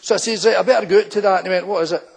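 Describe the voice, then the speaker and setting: A man's voice: high voice, fairly even intonation, rapid-fire, creaky, husky. A Scottish man with a Glaswegian accent, an older former policeman, doing live stand-up storytelling on stage and acting out the people in his anecdotes in broad local dialect. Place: town hall stage before a full house.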